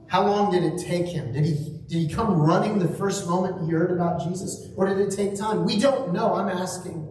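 A man preaching a sermon slowly and reflectively, asking rhetorical questions. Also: sits high, darkish tone, slight background noise. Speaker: pastor. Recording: echoey room, mic at a distance.

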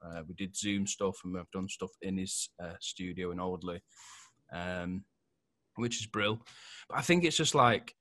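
A man's voice: sits low, measured pace, a bit bright. A man hosting a podcast in casual chat, rambling, laughing often and swearing freely. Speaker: podcast host.

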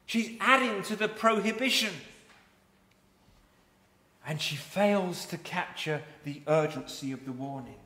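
A man with a bright, fairly high voice preaches a sermon, reading scripture and then unpacking it line by line. His voice rings through a large echoey hall with a long reverb tail. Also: a little slow, long pauses. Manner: expository, reads scripture aloud then explains it.

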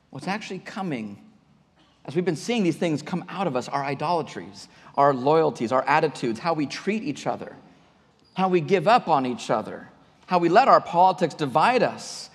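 A man's voice: on the high side, breathy edge. A male pastor preaching a conversational sermon to his church, often restarting and repeating words. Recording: long hall reverb.

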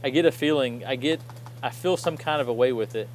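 A man in his thirties talks casually with a middle pitch, upbeat and rambling. He restarts sentences often. A low, faint hum sits behind him. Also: a little fast, low-quality recording. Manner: rambling, self-correcting, upbeat. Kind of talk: casual chat.

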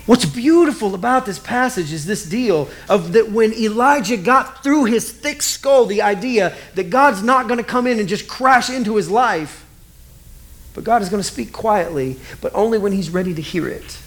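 Male pastor, 40s-50s, casual animated sermon delivery, high pitch. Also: moderate pace. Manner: conversational, animated, acts out scenes.

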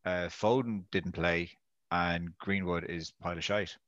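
A podcast co-host with a lowish voice, recorded close and dry. He talks in a wry, self-mocking way, with plenty of hesitations. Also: fairly even intonation, unhurried, a bit bright, no room sound, muffled recording. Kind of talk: casual podcast chat.

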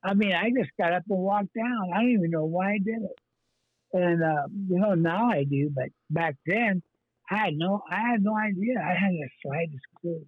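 Husky man with a tinny phone sound. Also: high voice, moderate pace, no room sound. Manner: rambling and earnest, many fillers and restarts. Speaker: pastor, guest. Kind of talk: telling his life story in an interview.

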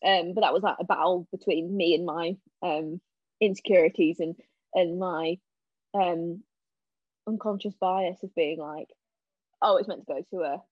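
A young woman chatting casually as a podcast guest, telling animated stories and acting out what people said. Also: on the low side, measured pace, no echo. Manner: animated storyteller, acting out quotes. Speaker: podcast guest, stage actress. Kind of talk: casual chat. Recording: dull lo-fi sound.

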